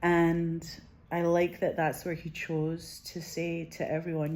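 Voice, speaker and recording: A woman in her forties with a notably low voice talks straight to her viewers, drifting from thought to thought. Her speech is loose and unpolished, peppered with swearing and a constant stream of "like" and "you know what I mean.". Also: level tone, moderate pace, warm tone. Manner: rambling and profane, heavy use of "like". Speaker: vlogger. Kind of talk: casual rambling monologue.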